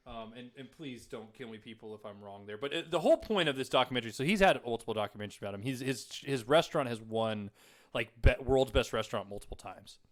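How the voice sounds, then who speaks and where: Speaking quickly in a mid-range voice, a young male podcast co-host shares stories in a casual conversation, animated and laughing frequently.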